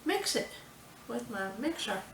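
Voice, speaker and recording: A woman, chatty and unhurried, leading a casual home cooking tutorial in her kitchen. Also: fairly high pitch, sing-song, vocal fry, a bit bright, distant mic, a little hiss or hum. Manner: chatty, unhurried, says "y'all". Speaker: home cooking show host. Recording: echoey kitchen, mic set back.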